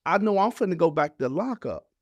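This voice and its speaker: A man's voice: high voice, very animated, brisk, dry recording. A man, a podcast guest, telling an emotional personal story in casual, heartfelt speech. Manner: casual, heartfelt, acts out voices of family in his story.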